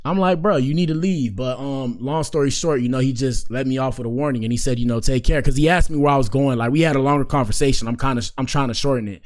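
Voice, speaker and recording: Soft-spoken young man telling a story. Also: mid-range voice, fast talker, few pauses. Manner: slangy, rambling, repeats phrases for effect. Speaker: podcast host. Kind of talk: casual storytelling.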